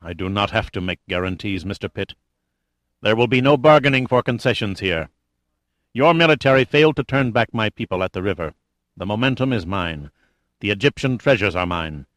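A man's voice: mid-range voice, animated, fairly quick, a bit bright, dry recording, clean studio sound, natural voice. A male narrator voicing an arrogant, menacing male cult leader who talks in a cold, commanding tone.

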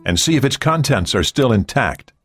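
A man voicing a composed male ship captain, measured and decisive. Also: medium pitch, very animated, a bit bright, breathy edge, soft background music, pitched above the performer's own voice. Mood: steady.

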